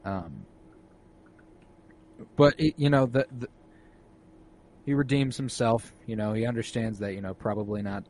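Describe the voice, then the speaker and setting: A man's voice: on the low side, measured pace, pauses often, a little mellow, slight background noise. Laid-back young man, casual film chat. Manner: laid-back, swears, acts out characters' lines. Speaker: co-host discussing a film.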